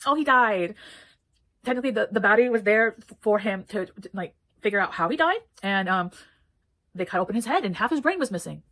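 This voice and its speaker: A woman's voice: medium pitch, expressive, brisk, a bit bright, low-quality recording. A woman giving a casual book review, rambling and swearing freely as she chats. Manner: rambling, profane, chatty.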